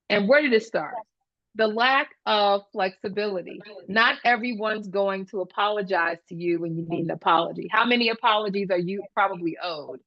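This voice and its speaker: A woman gives a talk at a professional event and tells classroom stories, acting out the children's voices with animation. Her voice sits at a middle pitch. The recording sounds dull and dry, with no room echo. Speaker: guest speaker, speech-language pathologist. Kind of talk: conference talk.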